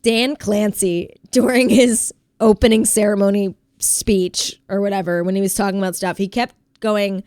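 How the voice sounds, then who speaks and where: A woman streams from home with a stuffy head cold and chats casually with her viewers. She giggles often and reads their messages aloud. Her voice sits at a middling pitch on a dry, close mic. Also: fairly even intonation, moderate pace, few pauses, a little mellow, no echo. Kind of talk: casual chat with chat.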